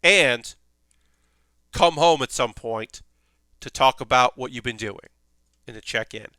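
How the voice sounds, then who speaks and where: A man's voice: mid-range voice, unhurried, bright, forceful tone, clear, resonant tone, dry recording. A man hosting a stream, recapping an anime plot in a rambling, casual way with lots of fillers. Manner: rambling, filler-heavy retelling. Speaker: stream host.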